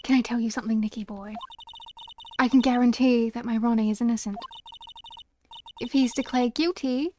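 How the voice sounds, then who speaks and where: Streamer plays a doting, flirty woman; cooing and sing-song, pitched up. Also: fairly even intonation, moderate pace, long pauses, mellow, faint music behind, natural voice. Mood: confident. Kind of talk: game dialogue read aloud.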